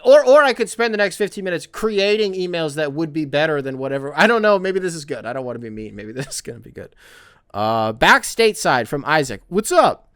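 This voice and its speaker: A man's voice: a little high, expressive, fast, a bit bright, smooth, no echo, clean studio sound. A young man hosting a podcast, rambling and swearing in a self-mocking way. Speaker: podcast host. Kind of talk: casual solo podcast monologue.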